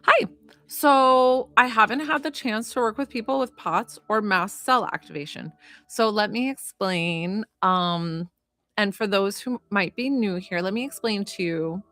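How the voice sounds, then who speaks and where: On a live stream, a psychic medium and healer talks casually to viewers in a medium-pitched voice at a measured pace, wandering warmly from point to point with many fillers. Faint music plays behind her, and there's no room sound.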